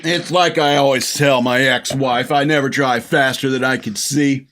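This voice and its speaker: A middle-aged podcast host rambles through a casual film review, gushing, laughing often, and acting out movie lines. His medium-pitched voice is steady and fairly bright at a moderate pace, with a little hiss or hum in the recording.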